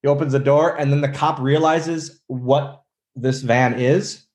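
A man's voice: mid-range voice, measured pace. A man in his thirties, a former wrestler, telling stories in a casual interview and acting out other people's lines. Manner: animated storyteller, acts out quotes.

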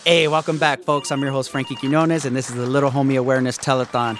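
A man's voice: mid-range voice, little pitch movement, fast talker, hardly any pauses, fairly bright tone, soft background music. A man hosting a mock telethon, earnest and peppered with "uh.". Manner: earnest, with frequent "uh". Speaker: host.

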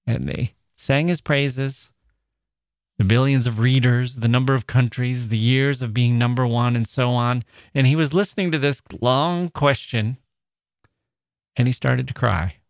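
A man's voice: mid-range voice, unhurried, no room sound, studio quality. A man hosting a literature podcast, talking in a chatty, playful way and quoting people with a lifted voice. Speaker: podcast host. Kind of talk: casual monologue.

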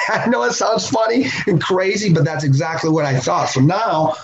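A man guest on a podcast, telling a story in a lively way and laughing often. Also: high-pitched, normal speed, gravelly. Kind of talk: animated storytelling. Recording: slightly dull sound with faint noise.

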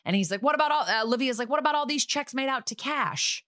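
A woman co-hosting a podcast, recapping a TV episode in casual chat with sarcastic, quick asides. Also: high voice, expressive, fairly bright tone, no echo, clean studio sound.

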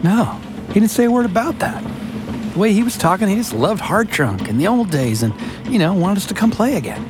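An actor playing an earnest, laid-back guitarist who gets emotional, in an audio drama. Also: male voice, high-pitched, expressive, a little fast, over music. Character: sentimental laid-back male guitarist, calls everyone bro. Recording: noisy ambience behind.

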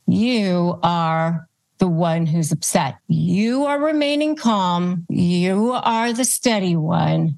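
A woman hosting an advice podcast, walking through her points one by one and modeling calm phrases aloud in a steady, methodical way. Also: fairly low pitch. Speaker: podcast host giving advice. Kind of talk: instructional monologue.

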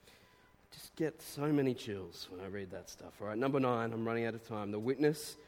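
Preacher with a ringing hall reverb. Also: male voice, lowish voice, moderate pace. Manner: reads quotes aloud, bursts into animated exclamations. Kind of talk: sermon.

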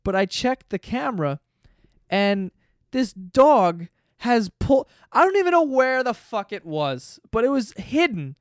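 Male podcast host, casual swearing storyteller, smooth and clean, dry close sound. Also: extremely high pitch, big pitch swings, measured pace, no echo. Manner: profane, rambling storyteller.

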